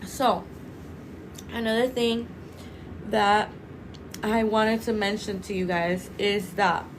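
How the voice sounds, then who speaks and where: A woman presenting a live-streamed product pitch for a clinic, chatty and salesy, addressing viewers as "you guys" and repeating set sales phrases. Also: steady tone, slow pace, noisy background. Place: indoors under bright lights.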